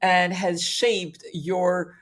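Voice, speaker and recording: A woman's voice: lowish voice, little pitch movement, very slow. A woman hosting an interview who praises her guest's story, then asks him a question. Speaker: host.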